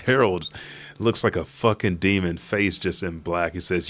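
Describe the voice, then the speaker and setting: A man hosting a manga reaction, retelling a chapter in a profane, animated way. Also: sits low, moderate pace. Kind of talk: casual chapter recap.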